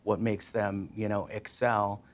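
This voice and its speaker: Male interviewer, lowish voice, measured and prepared, corporate conversation. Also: little pitch movement. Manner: measured, asks prepared questions. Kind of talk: business interview.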